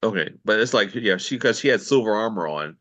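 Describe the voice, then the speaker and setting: A man co-hosting a podcast, chatting casually about a TV episode and asking questions as he thinks out loud. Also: lowish voice, expressive, fairly quick. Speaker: podcast co-host. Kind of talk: casual show discussion.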